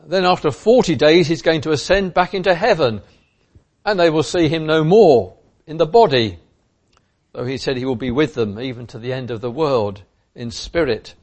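A man's voice: fairly high pitch, expressive, normal speed, darkish tone. A man preaching a sermon in an emphatic way, driving points home by repeating key phrases.

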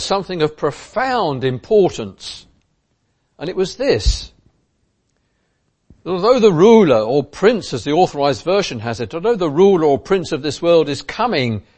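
A man's voice: fairly high pitch, darkish tone. A man preaching a sermon in an emphatic way, driving points home by repeating key phrases.

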